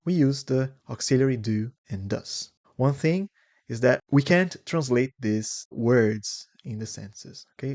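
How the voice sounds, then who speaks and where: A man teaching English in a video lesson, explaining slowly and deliberately and exaggerating rising and falling intonation in his examples. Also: medium pitch, vocal fry, a little mellow.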